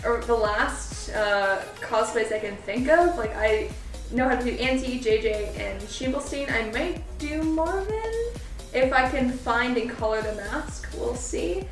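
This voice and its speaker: Unhurried and lively in intonation, a young college woman with a highish voice walks through a casual cosplay makeup and costume tutorial. She giggles frequently and keeps saying "like." The audio is echoey, her voice distant from the mic, with faint music underneath.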